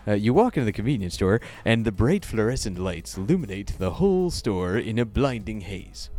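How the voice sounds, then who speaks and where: A man's voice: lowish voice, a little fast, soft background music. A man co-hosting a gaming podcast, reading a dating-sim story aloud in a casual, stumbling way. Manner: reads the story text aloud with stumbles and laughs, lively. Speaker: podcast co-host reading a game. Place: small home recording setup, sharing one mic.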